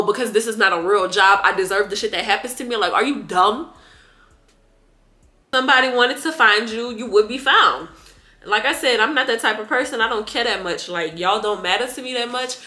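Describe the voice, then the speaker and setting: A woman's voice: medium pitch, sharp tone. A young woman ranting in a vlog about scamming customers, blunt, heated and profane with lots of slang. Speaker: vlogger and delivery shopper.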